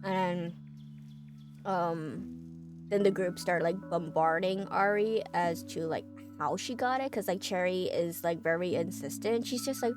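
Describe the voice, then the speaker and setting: A woman's voice: on the low side, measured pace, over music. Chatty woman streamer recapping a story. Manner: chatty, lots of fillers and laughs.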